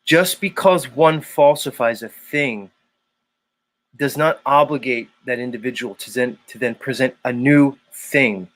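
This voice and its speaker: 男性の配信ホスト、荒っぽく熱くなる話し方. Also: male voice, medium pitch, measured pace. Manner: profane, heated, then mock-calm. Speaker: livestream host. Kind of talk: casual live-stream rant.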